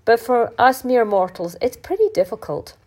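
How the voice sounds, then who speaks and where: A middle-aged woman hosting a podcast, talking in a casual, reflective monologue. She sounds congested and stuffy-nosed, and she speaks candidly, her voice often jumping upward in pitch. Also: moderate pace. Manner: chatty and candid, with lively upward pitch jumps. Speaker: podcast host.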